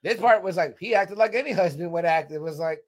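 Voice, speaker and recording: A man in casual chat recapping a TV show, animated and profane, acting out his own reactions. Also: sits high, fairly quick. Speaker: podcast co-host.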